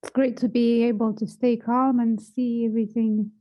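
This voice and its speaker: A woman with a Lithuanian accent guiding a self-inquiry session over a video call, calm and gently encouraging. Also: on the high side, moderate pace, low-quality recording.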